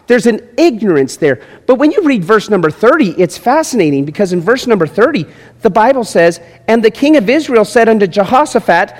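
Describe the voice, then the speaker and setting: A man preaching a sermon, moving between quiet asides and loud, emphatic points. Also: fairly quick. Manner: animated preaching, swinging from low asides to shouted points. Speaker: pastor. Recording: long hall reverb.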